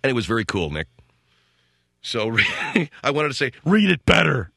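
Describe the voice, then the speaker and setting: A middle-aged man hosting a radio call-in show, telling stories in an animated, rambling way from a studio. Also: medium pitch, a little slow. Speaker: radio talk show host.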